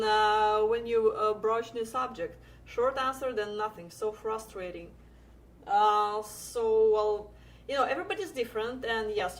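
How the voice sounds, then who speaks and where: A woman co-hosting a live Q&A, reading viewer comments and answering in a measured way with frequent fillers. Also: medium pitch, slight background noise. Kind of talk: casual live Q&A chat.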